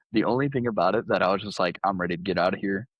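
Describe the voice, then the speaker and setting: Dry, with the highs cut off, this recording captures a low-pitched young man who plays college baseball. Appearing as a podcast guest, he spins a casual story heavy on "like," performing the quotes as he goes.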